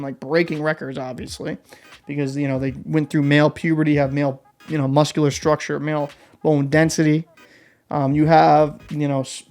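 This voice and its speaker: A man's voice: a little high, a little mellow. A young man hosting an opinion vlog, talking in a blunt, heated and combative way. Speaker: vlog host. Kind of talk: opinion commentary rant.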